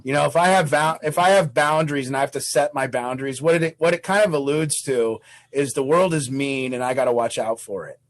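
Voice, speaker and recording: A man's voice: medium pitch, brisk, few pauses, rough recording. A man leading a recovery support group on a video call, talking bluntly and swearing freely, acting out what others might say.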